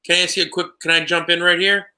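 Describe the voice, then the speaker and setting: Flat-voiced, very bright co-host man. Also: sits high, fast. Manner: short reactions, brief questions. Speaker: podcast co-host. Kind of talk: casual chat.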